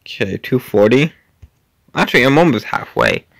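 A man hosting a gaming channel, chatting casually to himself and his viewers as he plays, with quick little laughs. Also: mid-range voice, wildly swooping pitch, vocal fry, fairly bright tone, no echo. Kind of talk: casual gameplay commentary.

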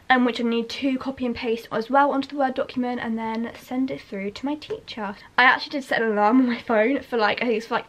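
Quick, chatty young woman. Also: a little high, fairly bright tone. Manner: chatty, rambling, lots of fillers. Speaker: vlogger. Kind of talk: casual study vlog chat. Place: at home indoors. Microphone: handheld then laptop camera.

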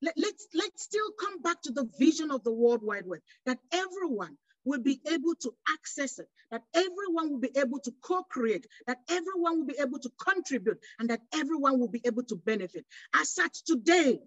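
A woman's voice: high-pitched, expressive, brisk, hardly any pauses, no echo, muffled recording. A woman from West Africa speaking on a panel, passionate, full of rhetorical questions and restarts. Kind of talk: panel discussion.

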